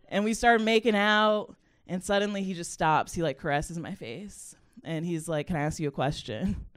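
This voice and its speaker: A young adult woman comedian telling a personal story in a chatty, animated way, laughing often and using a lot of "like" fillers. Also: fairly low pitch, normal speed.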